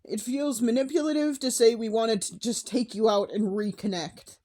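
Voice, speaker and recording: A woman's voice: on the high side, fairly even intonation, moderate pace, mellow. A young adult woman talking candidly in a personal vlog, emotional, with sighs and restarts. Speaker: vlogger.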